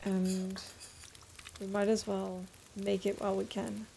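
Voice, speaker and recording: A woman's voice: mid-range voice, level tone, takes it slowly, creaky, mellow, slight background noise. A woman streamer giving casual, chatty commentary while playing a game, thinking aloud as she goes.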